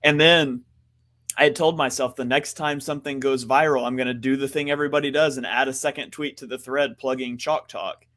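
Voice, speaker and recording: A man's voice: mid-range voice, fairly even intonation, fairly bright tone. A man co-hosting a sports podcast, telling a story with self-deprecating humor and then bluntly breaking down a defensive game plan. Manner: blunt, emphatic, quick football analysis. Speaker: podcast co-host. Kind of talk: casual sports talk.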